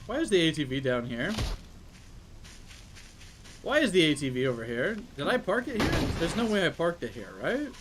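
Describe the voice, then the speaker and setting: A man's voice: a little high, big pitch swings, normal speed, long pauses. Guy streaming a game, talking to chat, mumbles and mocks himself, noisy background hum. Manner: muttering, thinking aloud, self-mocking. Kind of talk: casual gameplay commentary to chat.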